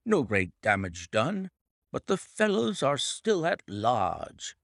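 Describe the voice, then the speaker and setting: Male reader playing a bluff hearty colonel, genial and offhand, lively up-and-down voice, a touch higher than the reader's own. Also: slow pace, creaky, no echo, clean studio sound, heavily acted. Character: bluff, hearty country colonel, middle-aged.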